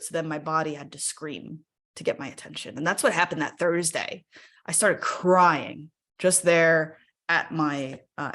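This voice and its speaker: A woman's voice: fairly low pitch, fairly bright tone. A woman speaking candidly to a live webinar audience from her home workspace over a video call, often checking in with listeners. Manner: candid, conversational, often asks the audience "right?". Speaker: speaker sharing a personal story.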